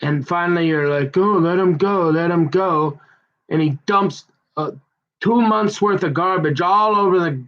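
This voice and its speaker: A man telling a long, aggrieved personal story in a rambling monologue, halting and restarting his sentences as he goes. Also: a little high, fairly bright tone. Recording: dull muffled lo-fi recording.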